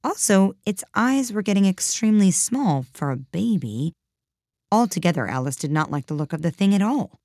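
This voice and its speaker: A woman narrating a storybook in a calm, even storytelling manner. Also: medium pitch, normal speed, dry recording, studio quality. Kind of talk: storybook reading.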